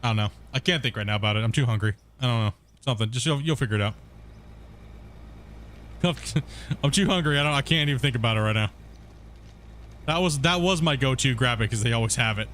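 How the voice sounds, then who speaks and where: A man's voice: medium pitch, racing, fairly bright tone, slight background noise. A man streaming a game, chatting casually in a rambling, blunt way and swearing when annoyed. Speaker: gaming streamer. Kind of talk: casual chat.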